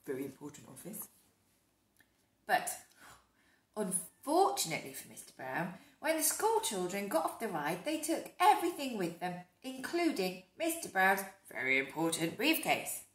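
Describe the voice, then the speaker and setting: A woman reading a picture book aloud to children, animated, with hushed whispered asides to her young listeners. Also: medium pitch, normal speed. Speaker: storyteller. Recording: echoey room.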